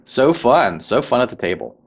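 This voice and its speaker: A man hosting a tabletop crafting tutorial, talking through each step in a relaxed way with many fillers and little check-ins. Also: medium pitch, moderate pace. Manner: relaxed, filler-heavy, checks in with "right?" and "okay?". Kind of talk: casual craft tutorial voice-over.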